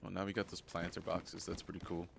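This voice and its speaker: A hoarse, sick young man streaming live gameplay, chatting casually and rambling, often repeating himself. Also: low-pitched, level tone, fast talker, background noise. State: hoarse from a cold.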